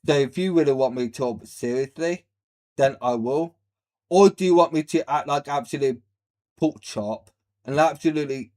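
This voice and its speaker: A man's voice: on the high side, normal speed, a little mellow. A man hosting a live stream, ranting bluntly and rambling in a mocking way as he reacts to videos. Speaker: livestream host.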